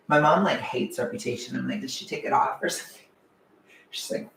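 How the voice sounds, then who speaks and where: A young man chatting casually on a livestream, animated and chatty, sometimes swearing, laughing often, heard from a distance. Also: mid-range voice, normal speed, gravelly. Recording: echoey room, away from the mic.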